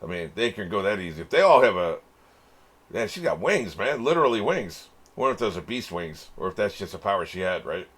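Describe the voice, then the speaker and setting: A man hosting an anime reaction channel, thinking out loud in casual commentary, swearing freely and chuckling often. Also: lowish voice, very animated, fairly quick, slightly rough.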